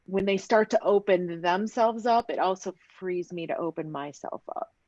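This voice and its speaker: A woman's voice: lowish voice, normal speed, a little mellow. Woman guest on muffled audio. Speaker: podcast guest, vice president. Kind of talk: casual chat.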